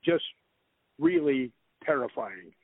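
A man's voice: medium pitch, lively intonation, takes it slowly. A man telling long, rambling stories as a guest author in an interview, breaking into laughs. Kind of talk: storytelling in an interview. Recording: phone-like, dry line.

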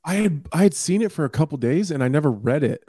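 Relaxed co-host man, dry sound. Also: fairly high pitch, fast, husky, dry recording. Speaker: podcast co-host. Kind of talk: casual chat.

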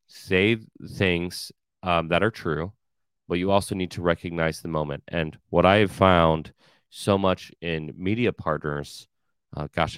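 Deep, smooth-voiced man talking casually. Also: dry recording. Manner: conversational, frequent fillers, blunt asides. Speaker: podcast host. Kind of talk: casual podcast monologue.

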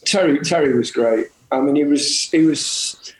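A man's voice: on the high side, a little slow, reverberant, a little hiss or hum, poor audio. A man in his fifties from England, a former footballer chatting casually and telling anecdotes. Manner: anecdotal, laughing storyteller. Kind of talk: casual chat.

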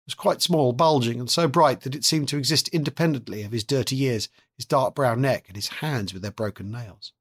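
A man narrating a novel as an audiobook reading, with measured, steady delivery. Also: mid-range voice.

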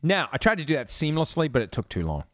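A man talking sports on his own show, voice sitting a little high and swinging lively up and down as he mocks and questions. The sound is close and dry, slightly dull and lo-fi from a studio mic. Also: fast talker, no room sound. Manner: sarcastic, animated, rhetorical questions. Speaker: sports talk host. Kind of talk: solo talk commentary. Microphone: studio mic with cough button.

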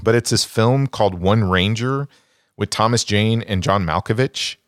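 A man's voice: lowish voice, normal speed, dry recording, studio quality. A man co-hosting a casual movie podcast, bluntly ranking and trashing films he disliked. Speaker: podcast co-host.

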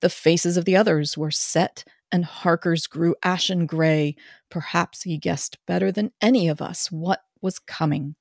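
A woman's voice: on the low side, steady tone, measured pace, vocal fry, no echo, clean studio sound. Woman narrating a story aloud. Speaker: podcast co-host.

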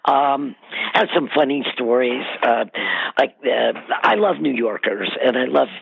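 Husky, gravelly-voiced woman telling stories. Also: a bass voice, measured pace, no echo, narrow, tinny audio. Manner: rambling, filler-heavy, animated anecdotes. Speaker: guest. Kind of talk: casual interview storytelling.

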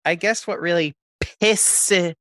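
A man playing a timid, scattered young boy in an improv comedy scene, talking in a hesitant, halting way. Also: high-pitched, no room sound, clean studio sound, heavily acted. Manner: hesitant, halting, soft-spoken.

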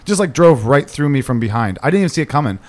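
A man on a casual podcast chat, telling stories in an animated way and swearing freely. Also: medium pitch, quick pace.

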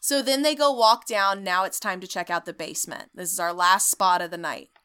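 A woman hosting a podcast, recapping a ghost-hunting show in an animated, sarcastic way and swearing freely. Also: on the low side, moderate pace, clear, resonant tone. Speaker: podcast host. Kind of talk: comedic storytelling recap.

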